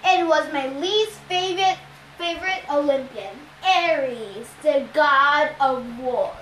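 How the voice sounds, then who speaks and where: Child reader narrating a novel; high young voice, trips over words and restarts, echoey room. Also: slow pace, bright, forceful tone, slight background noise. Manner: reads with slips and restarts, repeating stumbled words. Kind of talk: reading a novel aloud.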